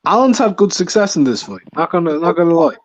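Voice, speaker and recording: A man co-hosting a boxing chat, giving measured fight analysis and teasing his partner. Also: on the high side, sing-song, no room sound.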